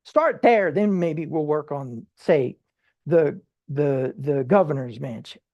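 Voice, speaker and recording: With a medium-pitched, slightly mellow voice on audio whose highs are cut off, a Bible study teacher talks informally. He asks many rhetorical questions, restarts quickly, and sometimes acts out everyday people in short quoted asides.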